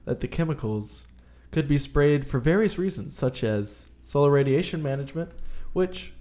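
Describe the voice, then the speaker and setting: A man's voice: fairly high pitch, lively intonation, moderate pace, warm tone. A man co-hosting a podcast, explaining a theory in a rambling, joking way. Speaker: podcast co-host. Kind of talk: casual podcast chat.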